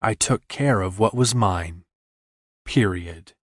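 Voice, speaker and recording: A man's voice: fairly low pitch, takes it slowly, no echo, studio quality. A man reading a romance novel aloud in first person, intimate and earnest. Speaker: audiobook narrator.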